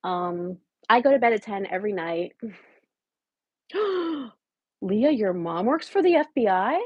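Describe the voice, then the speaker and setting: A woman's voice: medium pitch, sing-song, unhurried, no room sound, dull audio. A woman doing a wheedling scheming drifter. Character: scheming homeless woman in her late twenties. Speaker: comedic livestream host. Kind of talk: improvised parody livestream.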